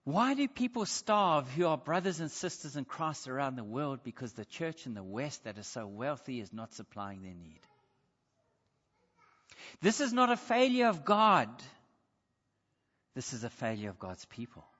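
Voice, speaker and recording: A man's voice: medium pitch, very animated, moderate pace, a bit bright. A man preaching a sermon, earnest, asking his listeners rhetorical questions and reading scripture aloud. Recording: dull sound with long hall reverb.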